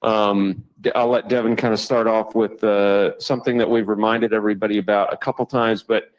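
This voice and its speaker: A man presenting a fuel update at a company meeting in a relaxed, jokey way. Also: fairly low pitch, a little fast, low-quality recording. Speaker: fuel manager. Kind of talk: casual presenting.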